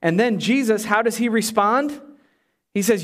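High-voiced, animated male preacher. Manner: animated, acts out the disciples in quick asides; drops to a hushed, slow voice for emphasis. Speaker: pastor. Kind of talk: sermon.

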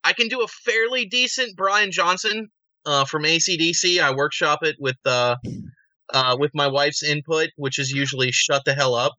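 A man in casual chat, playful and animated, often stumbling over his starts. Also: a little high, moderate pace, dry recording, highs cut off.

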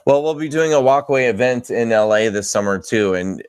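A man's voice: medium pitch, animated, brisk, darkish tone, clean tone, no room sound. A man who is a guest on a podcast, chatting casually in an easygoing, self-deprecating way. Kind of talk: casual chat.

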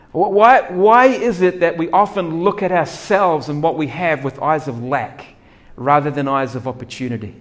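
A man preaching a sermon, acting out doubts and voices of the people in the story with big swings in loudness. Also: fairly high pitch, normal speed. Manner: animated, acts out characters' doubts with dramatic swings in loudness. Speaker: pastor.

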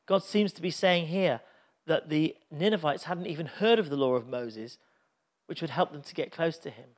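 A man's voice: a little high, moderate pace. A man preaching a sermon, telling a Bible story in an earnest, reflective way.

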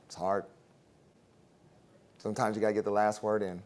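A man's voice: on the low side, steady tone, fairly quick, long pauses. A man teaching a Bible class in a casual, conversational way, with chuckling asides, ending in prayer.

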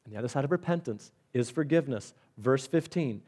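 A man's voice: medium pitch, animated, brisk, hardly any pauses, dark tone, breathy edge. Man preaching a casual sermon. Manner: conversational preaching with repeated words and demonstrations. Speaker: pastor.

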